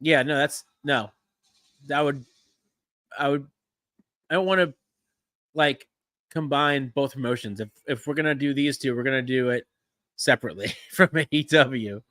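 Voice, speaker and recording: A man's voice: medium pitch, normal speed, long pauses, bright, forceful tone, no echo. Rambling casual podcast man, dry close sound. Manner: rambling, restarts and "yeah, no" fillers, easy chuckles. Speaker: podcast host. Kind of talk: casual live-stream commentary.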